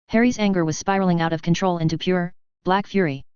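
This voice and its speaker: Female narrator, steady story reading, lowish voice, dull dry sound. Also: fast, hardly any pauses, clean tone, dry recording. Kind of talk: audiobook reading of fan fiction.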